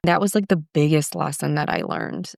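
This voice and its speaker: Low, gravelly-voiced woman in her forties. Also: moderate pace, darkish tone, dry recording, studio quality. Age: 40s. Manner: reflective, frequent restarts and fillers. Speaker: guest. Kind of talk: candid personal storytelling.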